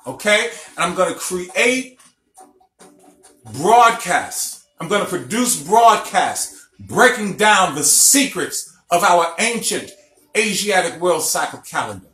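A man's voice: high-pitched, sing-song, slow, pushed and bright. A middle-aged man from Illinois, a spiritual teacher giving a recorded lecture broadcast. He tells stories emphatically and keeps checking in with his listeners. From Illinois, USA. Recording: echoey room, faint music behind.

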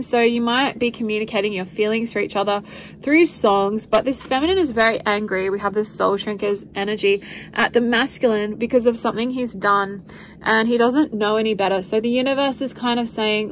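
A woman's voice: mid-range voice, fairly quick, a bit bright, a little hiss or hum, rough recording. Earnest woman giving a tarot reading. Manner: meandering, repetitive, earnest, with light laughs. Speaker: tarot reader.

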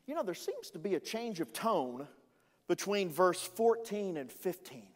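High-voiced playful preaching man. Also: sing-song, measured pace, big-room sound. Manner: playful, conversational preaching with asides to the congregation. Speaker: executive pastor. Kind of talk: sermon.

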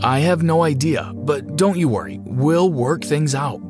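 A man's voice: a little high, animated, a little slow, music in the background, pitched above the performer's own voice. A man doing a worried, reassuring dad. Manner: hesitant, reassuring. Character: worried but reassuring father.

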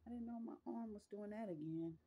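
A woman's voice: medium pitch, fairly quick, warm tone, husky, low-quality recording. A woman speaking in a casual but fervent monologue, preaching to her viewers with emphatic repetition. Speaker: spiritual vlogger.

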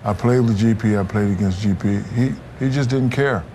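A man's voice: fairly low pitch, moderate pace, dark tone, slight background noise. A former pro basketball player, a man, telling an amused story in an interview and laughing as he quotes. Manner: amused, laughs while quoting.

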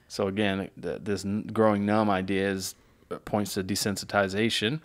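A man's voice: fairly low pitch, flat delivery, normal speed. A middle-aged man, a pastor, casually reacting to a song, reading its lyrics aloud and explaining them with fillers and restarts.

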